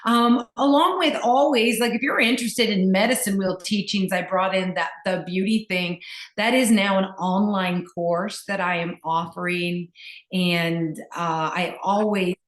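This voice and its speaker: A woman's voice: mid-range voice, unhurried. Woman, breathwork teacher, gushing, chatty, echoey room. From Virginia, US. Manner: enthusiastic, gushing, with many fillers and restarts. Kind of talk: casual conversation.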